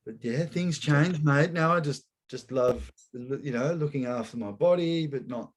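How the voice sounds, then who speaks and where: A man's voice: on the high side, unhurried. Rambling man, slangy chat. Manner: rambling, slangy, keeps saying mate and bro. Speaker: podcast host. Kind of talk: casual chat.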